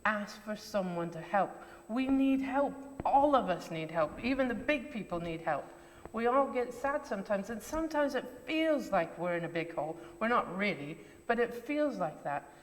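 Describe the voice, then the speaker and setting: A woman's voice: medium pitch, expressive, moderate pace, a little hiss or hum. A woman leading a children's talk at a church service, asking questions and encouraging the children in simple words. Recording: reverberant church interior.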